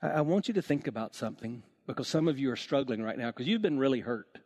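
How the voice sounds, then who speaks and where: A man preaching a sermon to his church, telling stories with lively acted-out voices. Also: fast. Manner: animated storytelling, acts out voices with big swings in pitch. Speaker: pastor.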